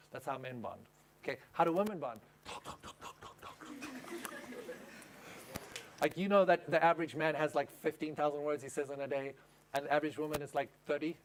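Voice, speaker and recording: High-voiced male pastor preaching with humor. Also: slight background noise. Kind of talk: sermon. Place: camp meeting.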